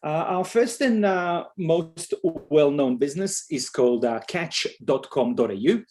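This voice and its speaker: A man in his fifties with a strong Israeli accent, a guest on an interview podcast, speaking fluently but with many "uh" pauses. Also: a little high, expressive, a little mellow. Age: 50s. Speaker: entrepreneur guest.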